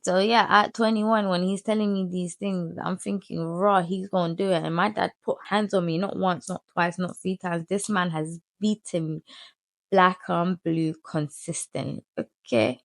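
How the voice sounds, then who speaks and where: A woman in her thirties, bluntly retelling her own story in a storytime vlog, swearing freely and animated. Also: on the low side, unhurried, vocal fry, no echo. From United Kingdom. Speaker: vlogger.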